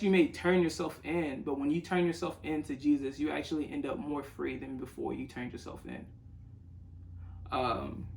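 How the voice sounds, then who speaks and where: A young man, a youth ministry leader, telling a personal faith story in an earnest, halting way with frequent restarts. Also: a little high, gravelly, slight background noise, low-quality recording. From United States. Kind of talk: personal testimony.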